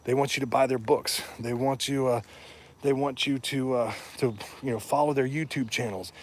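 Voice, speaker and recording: A man's voice: mid-range voice, steady tone, normal speed. A man in casual talk, speaking bluntly and emphatically, often rising into indignant rhetorical questions. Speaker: podcast guest or host discussing heathen religion.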